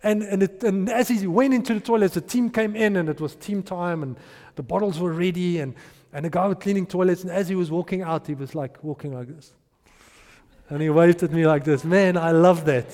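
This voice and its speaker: A man's voice: high voice, brisk, a little mellow, big-room sound. A man preaching a sermon and acting out the people in his stories. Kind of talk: sermon with storytelling.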